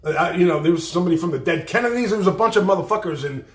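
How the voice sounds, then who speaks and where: A livestream host telling rambling, profane stories in a blunt way. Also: male voice, high voice, animated, racing, hardly any pauses. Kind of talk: storytelling on a livestream. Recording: roomy echo.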